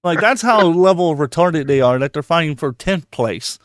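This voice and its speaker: A man hosting a loose, profane podcast chat, talking in a fairly high voice that jumps up when he gets worked up. He repeats words as he rushes to make a point. The recording is dry and close. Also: dry recording. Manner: excitable, swears a lot, repeats words. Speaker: podcast host.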